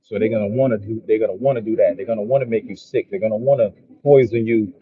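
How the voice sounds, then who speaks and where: A man's voice: on the low side, fairly even intonation, fast, slightly rough, phone-quality sound. A man giving a profane, repetitive motivational monologue in a casual vlog. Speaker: motivational vlogger.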